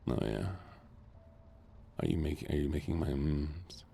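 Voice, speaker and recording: A soft-spoken man with a Southern US accent, chatting with viewers during a relaxed gaming stream. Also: very deep voice, unhurried, creaky, slightly rough. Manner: relaxed, chatting to viewers between game moments.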